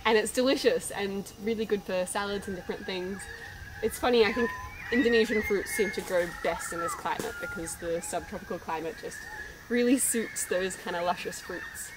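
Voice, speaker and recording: A woman's voice: medium pitch, moderate pace, noisy background. A young woman giving a chatty, enthusiastic vlog tour of her orchard outdoors. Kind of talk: casual vlog narration. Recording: background music under the voice.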